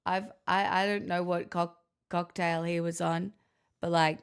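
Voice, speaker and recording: Sick lady streamer just chatting, slow and draggy, kinda rambly. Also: lowish voice, level tone, gravelly, clean tone. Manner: rambling, chatty, self-deprecating. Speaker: live streamer. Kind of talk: casual live-stream chat.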